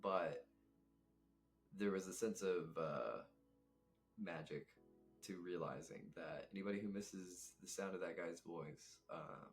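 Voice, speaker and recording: A man's voice: low voice, slow, pauses often, soft background music. A young man, a guest telling rambling, reflective stories in casual chat. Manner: rambling, reflective, laughs often.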